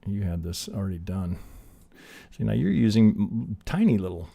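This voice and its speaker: A man's voice: lowish voice, sing-song, moderate pace, vocal fry, dark tone. A man hosting a live trading stream, talking loosely through chart counts, swearing now and then and getting fired up. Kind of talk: live chart analysis, casual teaching.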